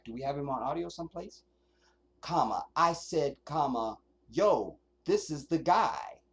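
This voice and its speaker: A livestream host giving commentary in a sarcastic voice, mockingly reading quotes aloud word by word. The delivery swings up and down a lot in pitch. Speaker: streamer host.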